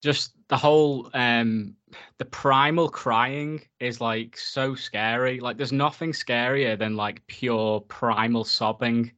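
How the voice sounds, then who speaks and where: A man talks casually as a podcast co-host, mid-pitched, swearing freely and leaning on filler words. The audio is dull and lo-fi. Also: steady tone, slow, a bit bright. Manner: chatty, swears often, filler-heavy. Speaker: podcast co-host reviewing a film. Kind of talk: casual chat.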